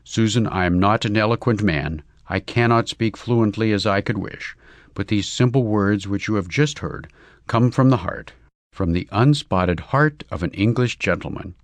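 A man voicing a bashful young English gentleman who speaks in long, florid declarations, in a storybook reading. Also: fairly low pitch, moderate pace, no room sound, lightly acted. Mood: ardent.

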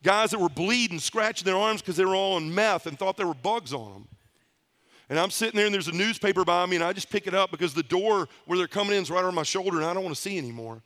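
A middle-aged man gives an expressive, fast-talking testimony on a conference hall stage, his high voice fairly bright. He relates his story warmly, often in the present tense.

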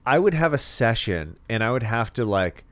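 A man's voice: mid-range voice, sing-song, normal speed, a bit bright, no echo. A man co-hosting a podcast in casual conversation, frank and reflective, swearing casually. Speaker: podcast co-host.

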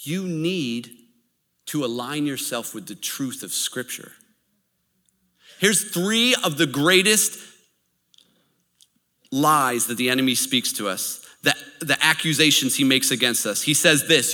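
Bright-voiced male preacher in a hall. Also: mid-range voice, measured pace, long pauses. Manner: animated, anecdotal preaching with laughs. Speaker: pastor. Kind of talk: sermon. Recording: reverberant hall.

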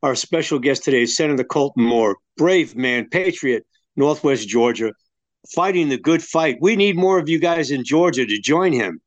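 An older American man hosting talk radio and signing off the show. He rambles in a folksy way and often restarts his sentences. His voice sits at a middling pitch. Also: lively intonation, moderate pace, no room sound, dull audio.

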